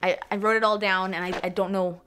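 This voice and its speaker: Excitable young woman sports vlogger. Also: medium pitch, a little fast, smooth. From Canada. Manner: excitable, swears a lot, trails off and repeats herself. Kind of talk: excited casual vlog chat.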